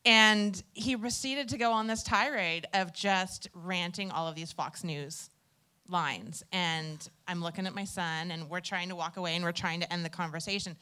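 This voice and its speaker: A mother in her forties, a campaign volunteer, telling a story at a casual group meeting, animated and often laughing. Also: fairly low pitch, moderate pace, clear, resonant tone.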